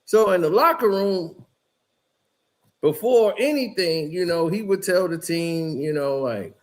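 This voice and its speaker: A man's voice: sits high, expressive, a little slow. A man giving casual, rambling basketball commentary, telling the story in a loose way with lots of "you know" and "like".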